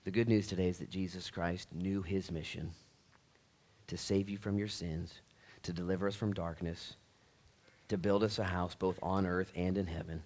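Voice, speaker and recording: A man preaching a sermon as pastor, conversational with restarts, swinging from quiet reflection to loud, rallying exhortation. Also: low-pitched, level tone, moderate pace. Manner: conversational, with restarts and folksy asides. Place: church.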